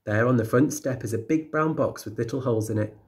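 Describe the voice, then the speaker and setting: A male teacher reads a children's picture book aloud. His voice sits at a middling pitch, and he tells the story in a steady, clear way. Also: quick pace.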